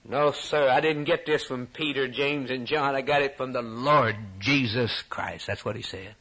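A man preaches a sermon at a moderate pace in a rhythmic cadence. He climbs to high, shouted peaks, then drops back to quiet asides.

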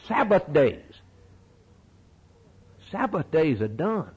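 A man's voice: on the high side, sing-song, unhurried, slightly rough, narrow, tinny audio. A middle-aged man preaching a sermon in a folksy, emphatic way, repeating his key phrases.

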